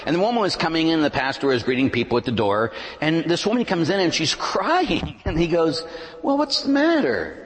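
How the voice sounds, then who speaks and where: Male pastor, sermon delivery, fairly high voice with lively swings, long church reverb. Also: a little fast, hardly any pauses. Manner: animated preaching, swinging from loud emphasis to hushed asides. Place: large church.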